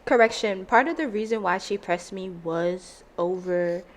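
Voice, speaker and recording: A woman in her late teens cutting in to calmly clarify details of her story. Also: medium pitch, a little hiss or hum. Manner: measured, explanatory correction of the story's timeline. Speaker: vlogger. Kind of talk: inserted voice-over clarification.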